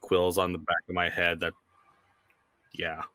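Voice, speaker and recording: A man with a very deep voice that still cuts through with a bright, forceful edge. His delivery is laid-back and understated. The sound is close and dry. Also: monotone, fairly quick, dry recording. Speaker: player. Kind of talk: describing his character at the table.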